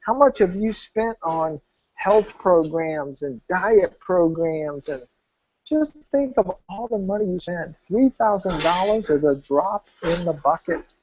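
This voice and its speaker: Emphatic male sales pitcher, dull audio. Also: animated, takes it slowly, darkish tone, slight background noise. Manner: emphatic, acts out quoted dialogue; talks straight to the viewer. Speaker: health program salesman. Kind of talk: sales pitch told as a story.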